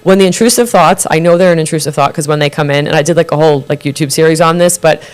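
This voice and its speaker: A woman who reads tarot, a guest on a live studio talk show, telling anecdotes in a lively way, acting out quoted dialogue and swearing freely. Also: sits low, fast talker. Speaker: tarot card reader, guest.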